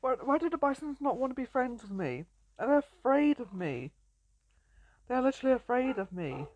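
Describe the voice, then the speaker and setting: A woman's voice: high voice, very animated, normal speed, darkish tone, highs cut off. A young woman chatting playfully while commentating a survival game she is playing. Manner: chatty and playful, often laughing and greeting animals. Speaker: gameplay commentator. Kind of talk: casual let's-play commentary.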